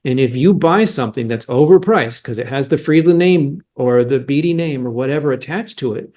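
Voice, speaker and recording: A man's voice: mid-range voice, a little fast, a little mellow. A middle-aged man giving explanatory interview answers as a mining analyst, emphatic and argumentative, with frequent restarts.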